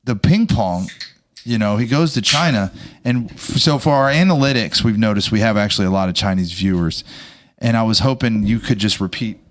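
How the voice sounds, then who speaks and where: A man's voice: on the low side, expressive, brisk. A man hosting a comedy podcast, talking in a loose, joking way and cutting in often. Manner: loose, joking, talks over others. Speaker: podcast host. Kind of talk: casual chat.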